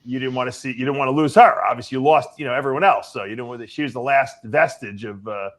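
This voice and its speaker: A man speaking as a therapist in calm, measured counseling talk, reflective and halting. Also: mid-range voice.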